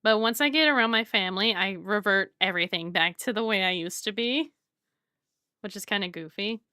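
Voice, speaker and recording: Female streamer from the South, casual rambling chat, bright tone, dry close sound. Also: medium pitch, brisk, dry recording. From Southern United States. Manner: chatty and rambling, reads chat aloud, laughs often. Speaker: art streamer.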